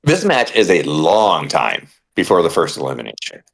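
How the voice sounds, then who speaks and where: A man co-hosting a casual wrestling podcast, telling it in an animated, ranting way and swearing freely. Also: sits low, normal speed, creaky, husky. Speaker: podcast co-host.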